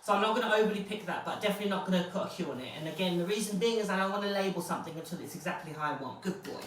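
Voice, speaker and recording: A woman dog trainer, explaining steps calmly and then praising the dog in a high, excited voice. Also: very fast, slight background noise. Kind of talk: live training session commentary. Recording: very echoey, distant from the mic.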